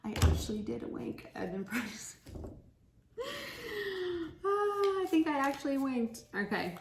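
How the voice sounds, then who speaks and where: A woman's voice: fairly high pitch, very animated, a little slow. A woman giving a casual pick-a-card tarot reading, chatty and giggly, laughing often. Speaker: tarot reader. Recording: echoey room with faint noise.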